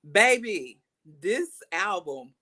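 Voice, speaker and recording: A woman co-hosting a podcast, reviewing music in an exuberant, casual way, swooping high when excited. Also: slow pace. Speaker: podcast co-host.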